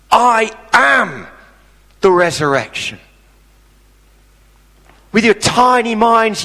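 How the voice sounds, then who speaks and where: Jesus speaks with ringing authority, pressing each word slowly and loudly, as a man preaching puts him on. The voice sits a little high and carries into a long hall reverb. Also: heavily acted. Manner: emphatic, loud, slowing on key words. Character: Jesus, commanding man declaring himself.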